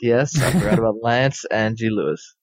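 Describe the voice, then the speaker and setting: A man's voice: fairly low pitch, expressive, normal speed, no room sound, low-quality recording. A young man co-hosting a gaming podcast, reading listener mail with a hesitant, stumbling delivery. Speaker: podcast co-host. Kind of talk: casual chat, reading listener emails.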